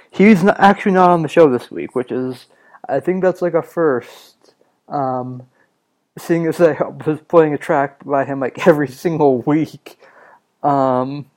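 A man's voice: mid-range voice, a little mellow. A man hosting his own music show, chatting casually and rambling with lots of ums and self-corrections. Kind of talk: casual radio-show chat.

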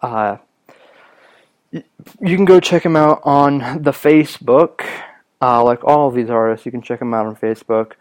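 Young male podcast host, raspy from coughing, smooth underneath, rambling and casual. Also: mid-range voice, moderate pace, long pauses. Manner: rambling, many ums and restarts. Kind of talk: casual solo podcast talk.

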